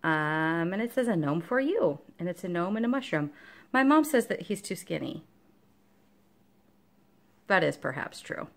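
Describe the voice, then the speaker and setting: A woman hosts a relaxed show-and-tell vlog about her cross-stitch projects. She talks in a rambling, chatty way, full of ums and asides. Her voice sits low, with a gravelly fry running through it. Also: unhurried, pauses often. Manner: chatty and rambling, many fillers; talks to her dog between topics. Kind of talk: casual show-and-tell chat.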